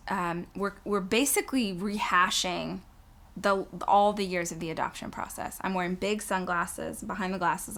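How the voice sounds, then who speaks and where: A woman's voice: mid-range voice, fairly bright tone. Earnest woman telling a personal story. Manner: earnest, emotional, halting with restarts. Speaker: author sharing her faith story.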